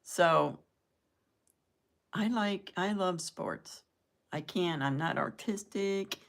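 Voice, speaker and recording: In a low-ish, creaky voice and at a very slow pace, an older live-stream host from the southern US rambles to her viewers, laughing as she goes at her own jokes.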